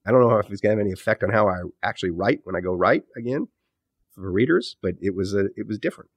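Thoughtful low-voiced man, dry sound. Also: quick pace, no room sound. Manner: thoughtful, rambling, frequent self-corrections. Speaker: author and podcast host, interview guest. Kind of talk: casual interview talk.

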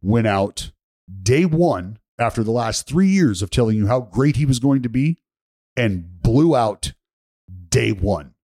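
A man's voice: mid-range voice, expressive, unhurried, warm tone, no echo, studio quality. A man hosting a casual podcast, telling stories with profanity and playful ribbing. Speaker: podcast host. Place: hotel bathroom.

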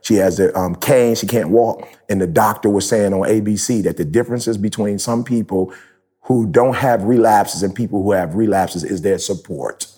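A man in his thirties hosting a podcast, talking in an animated, preachy, slangy way. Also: on the low side, normal speed, husky. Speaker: podcast host. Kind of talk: casual podcast chat. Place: live event in Jamaica.

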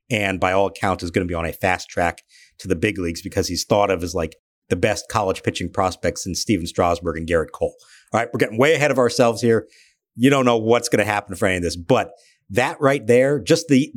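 A male podcast co-host giving casual analysis in a thoughtful, measured way. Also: sits low, dry recording.

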